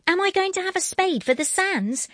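High pleading little girl. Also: lively intonation, normal speed, a bit bright, dry recording, clean studio sound. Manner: pleading, trustful. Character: small girl, pleading and eager.

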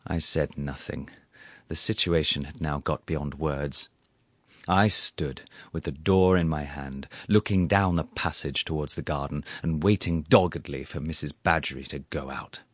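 A man narrating a story aloud with dry, ironic, measured storytelling, recorded on a close studio mic. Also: a bass voice, dry recording. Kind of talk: scripted audiobook narration.

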